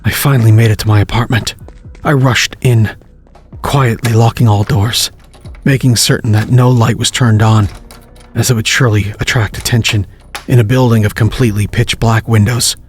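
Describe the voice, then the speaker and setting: A man narrating a scripted horror story of his own in the first person, tense and hushed, building urgency. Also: lowish voice, fairly even intonation, normal speed, soft background music. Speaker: narrator and author.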